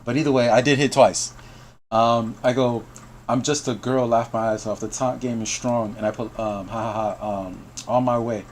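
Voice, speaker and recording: A man's voice: mid-range voice, steady tone, moderate pace, slight background noise. Man laughing through a gaming story. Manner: laughs often, quotes chat messages. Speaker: host of a game news stream. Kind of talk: casual storytelling to call guests.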